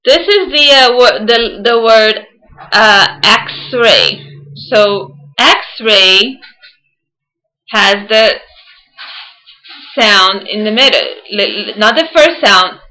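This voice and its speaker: A woman teacher leading an early-years phonics lesson, patient and sounding words out slowly. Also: on the high side, animated, sharp tone, soft background music, rough recording.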